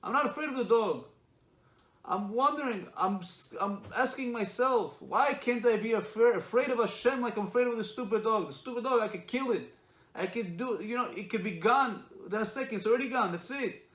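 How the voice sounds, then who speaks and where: A man's voice: very high-pitched, a little fast, fairly bright tone, pitched above the performer's own voice. A man voicing an elderly rabbi in a story, shaken and pleading with himself in an impassioned, raised voice. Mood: anguished. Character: elderly rabbi, shaken, anguished, self-questioning. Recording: echoey room.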